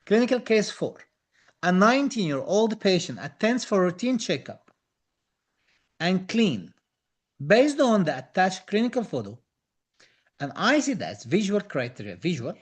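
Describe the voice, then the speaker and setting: Enthusiastic high-voiced male dental tutor. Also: sing-song, a little slow, pauses often, husky. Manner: enthusiastic, reads out viewer comments, repeats phrases. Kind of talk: live online lesson.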